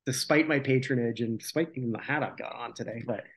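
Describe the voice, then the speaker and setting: A man's voice: medium pitch, quick pace, vocal fry, a bit bright, slightly rough. A man co-hosting a podcast in a casual chat about old TV, rambling and joking with many restarts. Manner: rambling, self-correcting, jokey. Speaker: podcast co-host.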